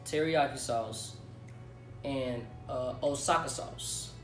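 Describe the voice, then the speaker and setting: A man's voice: mid-range voice, takes it slowly, a bit bright, distant mic. A man joining a casual vlog and tossing out laid-back jokes. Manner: joking, laid-back remarks. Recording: echoey room, off-mic, with music.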